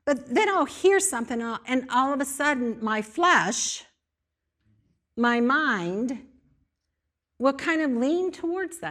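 A woman preaching with lively emphasis and a somewhat high-pitched voice. She drives her points home by repeating words in rhythmic lists. Her delivery is expressive and earnest. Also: unhurried. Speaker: speaker in a church setting. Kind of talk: sermon.

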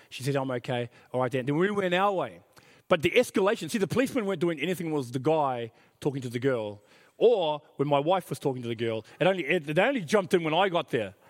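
A middle-aged man preaching a sermon as pastor, earnest and emphatic, repeating his key phrases. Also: fairly high pitch. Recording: reverberant hall.

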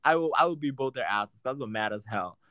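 A man in casual chat, telling a story in an animated, profane and sassy way. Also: medium pitch, fairly quick, no echo.

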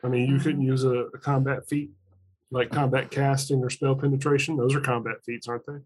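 A man's voice: mid-range voice, flat delivery, fairly quick, breathy edge. A man playing a tabletop game, talking casually with boastful swearing. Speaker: player.

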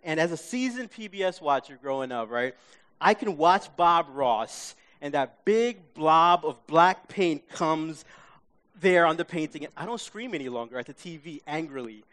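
A man from Queens, telling an animated story to a live audience, acting out his own reactions and checking in with listeners. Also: fairly high pitch, normal speed. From Queens, New York. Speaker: speaker.

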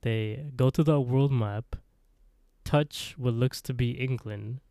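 Laughing man recapping, dry and mellow. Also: medium pitch, takes it slowly, smooth, no room sound. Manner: laughs often while retelling the plot. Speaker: podcast co-host. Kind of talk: casual recap chat.

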